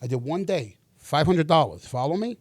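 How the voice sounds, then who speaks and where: A middle-aged actor telling stories in a casual interview, animated, acting out the dialogue and swearing freely. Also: male voice, on the high side, normal speed, no room sound.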